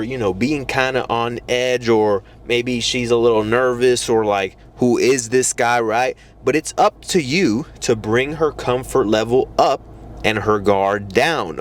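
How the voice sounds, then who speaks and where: A man talking straight to camera in a casual advice monologue, blunt and full of swearing. His voice sits at an ordinary middle pitch. He keeps slipping into mocking takes on how other men talk. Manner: blunt and profane, mocking imitations. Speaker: dating advice vlogger.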